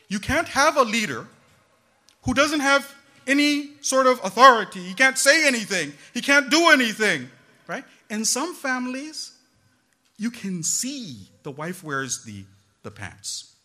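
Woman preaching to a crowd, super animated, bright forceful voice, keeps throwing in asides. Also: a little high, measured pace. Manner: animated, talks straight to the audience with frequent asides. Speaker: religious lecturer. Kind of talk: lively religious talk to a gathering.

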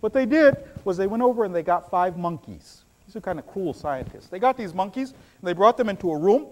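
High-voiced, animated male preacher. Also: fairly quick. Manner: animated storytelling, swinging between loud bursts and low hushed asides. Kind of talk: sermon.

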